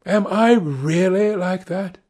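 A man voicing an earnest, impressionable young gentleman, speaking eagerly in a raised voice. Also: fairly high pitch, sing-song, a little slow, vocal fry, husky, voice pushed up, exaggerated voice.

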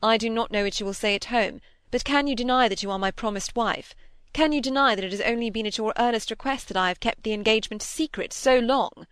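A woman reading the part of a pressing, self-assured young gentleman suitor in an audiobook, keeping close to her own voice. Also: on the high side, fast, clean tone, dry recording, pitched above the performer's own voice, lightly acted. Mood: insistent.

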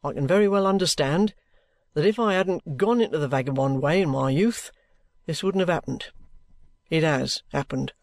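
A man voicing a bluff, steady middle-aged ex-soldier who talks plainly and good-humouredly. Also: on the high side, moderate pace, no echo, clean studio sound, voice pushed down, lightly acted.

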